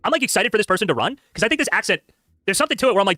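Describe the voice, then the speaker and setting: Fast-talking animated male streamer. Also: sits high, no echo, studio quality, faint music behind. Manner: rapid, animated, frequent filler words. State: tired from a long stream. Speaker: streamer reacting to clips. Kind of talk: casual live-stream commentary.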